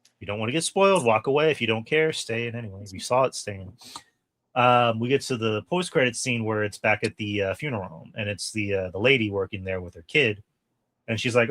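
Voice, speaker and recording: A man with a lowish, fairly quick voice, captured with no room sound, co-hosts a podcast's casual review of a horror film. He swears often, keeps things animated, and reenacts lines from it.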